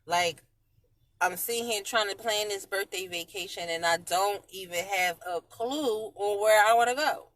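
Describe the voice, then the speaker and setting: A woman chatting casually on a live stream from her parked car, slangy and swinging between loud and quiet. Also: mid-range voice, moderate pace, no echo. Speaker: vlogger talking live to viewers.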